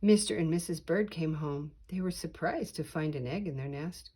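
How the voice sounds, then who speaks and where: An older woman reads a children's picture book aloud, slow and deliberate with lively emphasis. Her voice is low for a woman and slightly husky. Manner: slow, deliberate, expressive reading. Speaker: storyteller.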